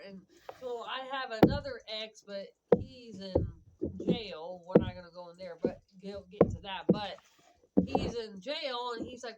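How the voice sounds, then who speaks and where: A woman talks through a long personal story in a loose, rambling way, filling it with "like" and "whatever" and acting out both sides of old arguments. Her voice sits a little high, and a loud steady clicking runs under everything she says. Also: moderate pace. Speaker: vlogger. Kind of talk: casual storytelling monologue. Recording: loud background clicking noise.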